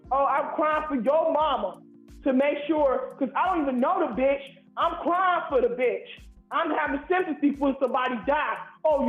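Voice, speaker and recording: A man from Ohio calling in to a live show, ranting in a heated, profane, rambling way. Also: very high voice. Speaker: caller. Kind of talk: angry call-in rant. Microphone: phone call. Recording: tinny echoey phone line.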